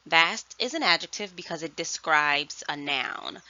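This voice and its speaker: A woman first grade teacher giving a virtual lesson, speaking slowly and enunciating clearly. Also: deep voice, lively intonation, sharp tone, no room sound. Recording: dull lo-fi sound.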